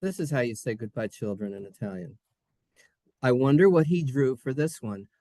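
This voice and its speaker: A man's voice: mid-range voice, normal speed, dry recording. Jokey guy teaching kids hebrew letters, bouncy voice, dry close sound. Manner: jokey, animated, sing-song. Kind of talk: playful children's lesson. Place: synagogue classroom.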